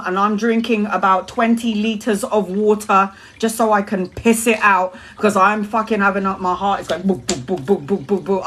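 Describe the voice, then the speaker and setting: A woman, a mother hosting a live tarot stream, tells a personal story in a casual, animated way, swearing often and laughing between lines. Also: medium pitch. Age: adult mother. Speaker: tarot reader and livestream host.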